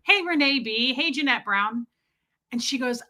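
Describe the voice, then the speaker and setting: A woman in her forties chats on her live stream in an animated, exasperated way. Her voice sits a bit high and sounds bright and forceful. She tells stories casually and keeps greeting her viewers. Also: a little fast.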